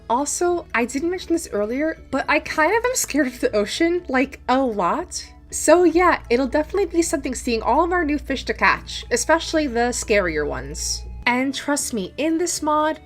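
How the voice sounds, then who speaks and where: A young woman gaming YouTuber narrating her farming game run, gushing and excitable with frequent gasps. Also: sits high, normal speed, hardly any pauses, soft background music. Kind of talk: gameplay commentary and narration.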